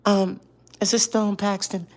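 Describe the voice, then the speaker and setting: A man putting on the soft, high, breathy voice of a grown man politely calling on the phone. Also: flat delivery, unhurried. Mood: polite, timid.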